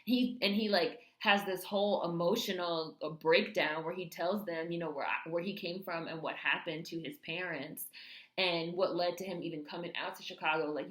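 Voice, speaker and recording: Lady vlogger reviewing a movie, lots of "like", swears freely, lower voice, echoey room. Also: normal speed. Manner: candid, profane, filler-heavy. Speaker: film reviewer. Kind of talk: casual film review vlog.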